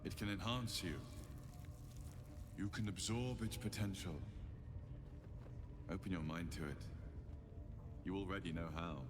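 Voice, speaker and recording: A male actor playing a calm, mysterious guardian in a video game, speaking in a soft, coaxing, soothing way. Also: low-pitched, measured pace, long pauses, noisy background.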